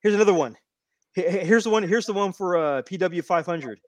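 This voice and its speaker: Chatting on a casual wrestling podcast, this man, a co-host, has a high voice and talks fairly quickly. He tells a long, rambling story that keeps restarting, captured in a dry recording.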